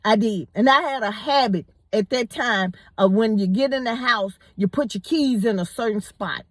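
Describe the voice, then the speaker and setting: A woman telling a personal story in a casual, animated way, often repeating words as she goes. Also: fairly high pitch, moderate pace, no room sound. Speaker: storyteller host.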